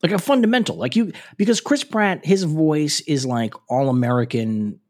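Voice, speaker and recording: A man's voice: fairly high pitch, lively intonation, normal speed. A man in his thirties chatting casually and sardonically, with fillers and restarts. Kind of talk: casual chat.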